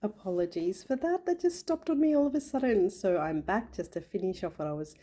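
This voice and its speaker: A woman's voice: medium pitch, animated, fairly quick, dark tone. A young woman, talking casually and earnestly to her viewers, with many fillers. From Australia. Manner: chatty and earnest, many fillers, acts out quoted voices. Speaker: vlogger. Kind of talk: casual personal talk to camera.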